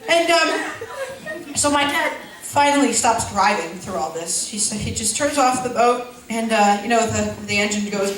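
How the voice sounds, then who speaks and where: A woman's voice: a little high, moderate pace. A woman doing stand-up comedy who rambles through a story with stumbling restarts and giggly asides. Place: school event hall. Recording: echoey hall, far from mic, noisy.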